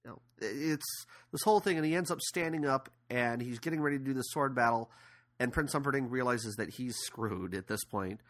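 Podcast co-host, male, bright forceful tone, rambling casual film recap. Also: medium pitch, a little fast. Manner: rambling retelling with fillers. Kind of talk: casual movie discussion.

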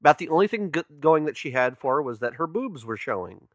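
A man's voice: a little high, big pitch swings, fast talker, no echo, clean studio sound. A man, a podcast co-host, casually recapping a movie in rambling talk full of restarts. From California. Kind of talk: casual movie-review chat.

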